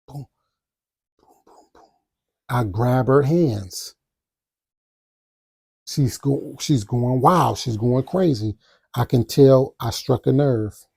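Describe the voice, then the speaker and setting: A podcast host tells a personal story in a gravelly, husky voice. He is animated and adds spoken sound effects. The recording is dry and close. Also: mid-range voice, slow pace, long pauses, no echo. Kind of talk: casual storytelling.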